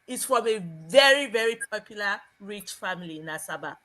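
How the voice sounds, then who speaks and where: A woman's voice: medium pitch, lively intonation, fairly quick, bright, forceful tone, rough recording. A woman from Nigeria, a panelist on a live show, telling a personal story expressively and laughing along the way. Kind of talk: casual storytelling.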